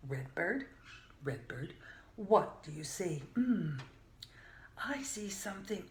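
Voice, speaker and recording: Slow, lively older woman reading to kids. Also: fairly low pitch. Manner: gentle and playful, often drops to a soft whisper. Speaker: children's storyteller. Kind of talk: reading picture books aloud to children. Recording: echoey room with faint hiss.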